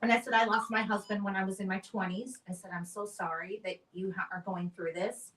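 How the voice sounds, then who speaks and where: A building owner in her forties chats casually, telling relaxed stories and acting out the voices of the people in them. Her medium-pitched voice runs a little fast. She sits back from the mic, so she sounds slightly distant in the room.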